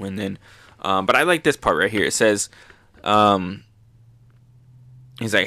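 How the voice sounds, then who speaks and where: A man hosting a casual manga recap, talking excitedly with lots of fillers and little bursts of hype. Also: on the low side, measured pace, long pauses, no room sound. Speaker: manga review host.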